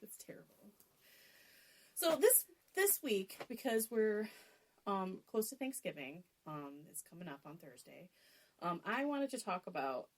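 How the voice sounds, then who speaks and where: A woman's voice: mid-range voice, very animated, measured pace, a little mellow, a little hiss or hum. A woman co-hosting a casual podcast at her sister's house, chatty and laughing often, recorded on a phone. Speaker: podcast co-host.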